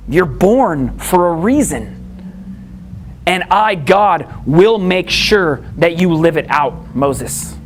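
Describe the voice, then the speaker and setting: A man's voice: high voice, expressive, slow pace, a little hiss or hum. A male preacher voicing God as a solemn, insistent figure calling a reluctant man.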